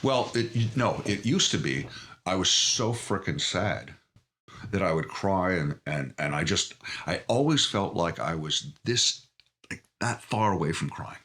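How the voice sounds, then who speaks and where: A middle-aged man with a very low, forceful voice, answering interview questions with earnest openness. He talks in halting bursts, often restarting his sentences. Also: animated. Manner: earnest, emotionally open, halting. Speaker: podcast guest. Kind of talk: candid interview conversation.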